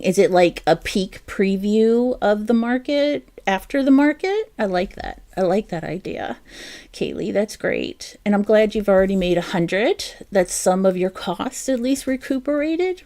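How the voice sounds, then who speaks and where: A woman from New Jersey with a South Jersey accent, hosting a relaxed livestream and chatting with her viewers. She talks at an unhurried pace in a warm, mellow voice, laughing easily and poking fun at herself. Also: medium pitch. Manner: chatty and self-deprecating, laughs often, talks to chat viewers by name. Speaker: crochet livestream host. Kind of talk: casual live-stream chat.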